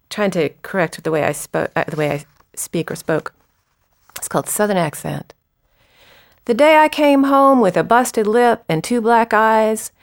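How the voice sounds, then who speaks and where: A woman poet reading her poems aloud with unhurried, expressive phrasing and short spoken introductions. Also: medium pitch, no room sound, clean studio sound.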